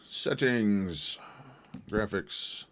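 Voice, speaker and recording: A man's voice: fairly low pitch, drawn-out words, slight background noise. A man casually chatting while he live-streams a video game, loose and profane, breaking into yelps and laughter.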